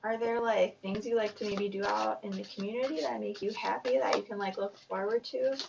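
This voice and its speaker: Woman, tarot reader, gravelly voice, rambling, self-conscious, distant muffled mic. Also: mid-range voice, fairly even intonation, a little fast, very noisy. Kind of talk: casual tarot reading.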